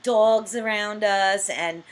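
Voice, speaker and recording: A woman's voice: mid-range voice, steady tone, takes it slowly. A woman hosting a casual chat over a video call, talking freely with frequent restarts and laughter. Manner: chatty, laughs often, many restarts. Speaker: host.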